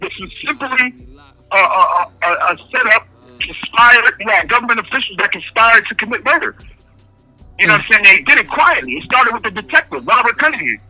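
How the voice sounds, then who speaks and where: A man with a notably high, very bright and piercing voice, heard close and dry over a phone line. He talks in casual street speech, circling back to repeat his key phrases with insistent emphasis. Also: very animated, fairly quick, no room sound, soft background music. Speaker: incarcerated interviewee. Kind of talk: impassioned interview answers.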